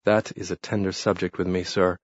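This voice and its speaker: A man voicing a quick-tempered, profane Englishman who bursts out indignantly. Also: low-pitched, flat delivery, no echo, lightly acted. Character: hot-tempered swearing Englishman, dark-haired. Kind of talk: audiobook character reading. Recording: muffled lo-fi recording.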